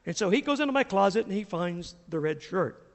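A middle-aged pastor from the US South tells stories from the pulpit, animated and quick to chuckle. His voice sits high for a man and swings widely in pitch, with a long echo from the church hall. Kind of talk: sermon with storytelling. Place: church sanctuary.

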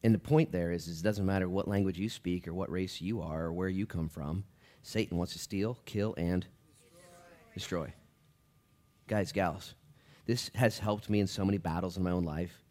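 A male pastor delivering a sermon in a church with a fairly low voice. He speaks to his congregation like friends, sinking into quiet, low asides and then climbing to loud, pointed emphasis. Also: normal speed, long pauses.

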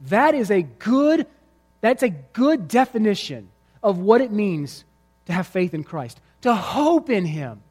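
A man's voice: high-pitched, very animated, measured pace, darkish tone, slightly rough, big-room sound, faint music behind. A male pastor preaching a sermon to his congregation, telling a vivid story and driving his points home with emphatic repetition. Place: church sanctuary before a congregation.

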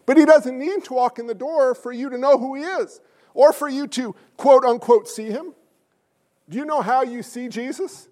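A male pastor delivering a sermon in a strikingly high voice. He presses his points with loud emphasis, drops to hushed asides, and keeps asking the congregation questions. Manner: swings between loud stresses and hushed asides.

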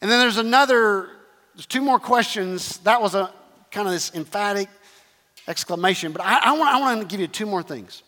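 A man's voice: high-pitched, moderate pace, bright, forceful tone, in a large hall. A man preaching a sermon, repeating phrases emphatically and calling the congregation to respond. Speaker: pastor.

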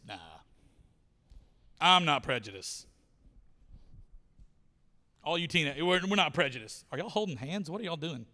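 Animated preacher, bright voice. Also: male voice, a little high, a little slow, pauses often. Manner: animated storytelling, acting out characters. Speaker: pastor. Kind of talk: sermon. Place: church. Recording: reverberant church hall.

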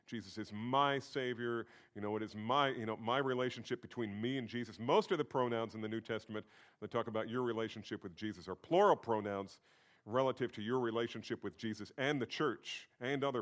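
A man's voice: medium pitch, a little fast. A male pastor giving a sermon in a conversational teaching manner, stressing points through repetition.

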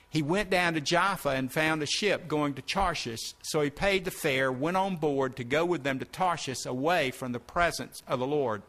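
Man preacher, higher voice, reads scripture and breaks in with comments. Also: normal speed, fairly bright tone. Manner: reads verses then breaks in to explain. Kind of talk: sermon reading scripture with commentary.

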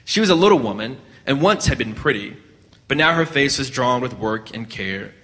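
A man reading a story aloud at a measured pace, now and then restarting a word. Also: medium pitch, animated, bright, forceful tone, big-room sound. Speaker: narrator.

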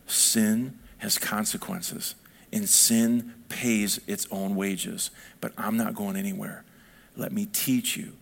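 A man's voice: lowish voice, fairly even intonation, unhurried, gravelly. A middle-aged man preaching a sermon in a conversational way, building up to emphatic peaks. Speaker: pastor.

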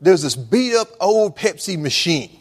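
A male preacher voicing an excited teenage girl who eagerly repeats herself as she tells her story. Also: high voice, breathy edge, full character voice. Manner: rapid, eager repetition.

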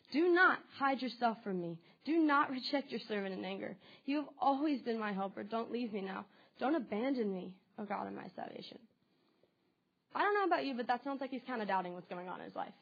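A woman's voice: mid-range voice, muffled recording. A woman giving a devotional sermon in an earnest, conversational way, often saying "like" as she talks. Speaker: preacher.

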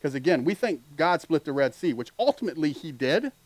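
A man preaching a sermon as pastor, earnest and building to loud animated peaks. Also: fairly high pitch, brisk, no room sound, rough recording.

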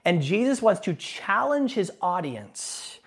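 A man preaching a sermon in a relaxed, chatty way, his pitch rising and falling a great deal as he explains. He jokes easily and pokes fun at himself between points. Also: slow, breathy edge. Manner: conversational and joking, with self-deprecating asides. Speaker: pastor.

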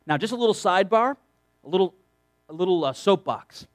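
Lively high-voiced male preacher. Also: brisk, no room sound. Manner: animated, emphatic preaching with asides and restarts. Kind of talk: sermon to a youth group.

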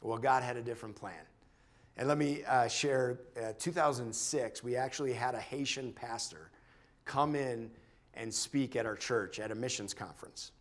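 Brief: man giving a church testimony, earnest and halting, mid-range voice, restarts often. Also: medium pitch. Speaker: church member sharing a testimony. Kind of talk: personal testimony talk.

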